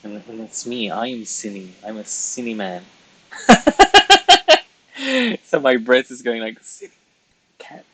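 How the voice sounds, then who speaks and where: A man's voice: lowish voice, normal speed, hardly any pauses, rough recording. A man streaming live, chatting casually while he colours, chatty and self-mocking with frequent giggles.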